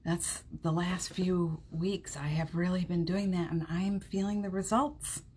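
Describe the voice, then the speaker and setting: A woman hosts a live podcast from home, talking in a chatty, warm way and reading out viewers' comments between frequent laughs. Her voice is slightly husky, and she speaks at a slow, easy pace. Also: fairly low pitch, fairly even intonation. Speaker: podcast host. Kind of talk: live-streamed motivational chat. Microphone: streaming setup at home.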